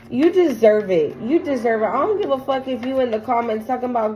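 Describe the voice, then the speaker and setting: A woman's voice: fairly high pitch, expressive, mellow, highs cut off. A woman doing a casual tarot reading for her viewers, emphatic and profane. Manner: emphatic, profane, slow and drawn out. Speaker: tarot reader.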